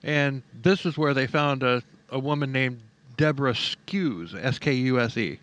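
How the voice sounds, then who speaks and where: A man's voice: medium pitch, unhurried, a bit bright. A man co-hosting a true-crime podcast, telling the story casually with jokes and sarcastic asides and laughing often. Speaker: podcast co-host.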